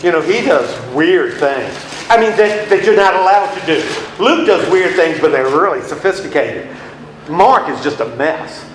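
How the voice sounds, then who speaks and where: Male Bible teacher, high-pitched, chatty and playful, recorded in an echoey room. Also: animated, a little slow, a little hiss or hum. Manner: chatty, playful, acts out little scenes with laughs. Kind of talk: casual Bible class lecture. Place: room with a class.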